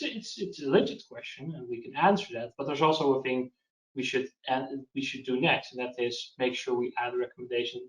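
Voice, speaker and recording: A man's voice: medium pitch, recorded from a distance. Male webinar presenter, casual Q&A delivery with restarts, echoey video-call sound. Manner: hesitant, restarts, practical advice. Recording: lo-fi roomy web call.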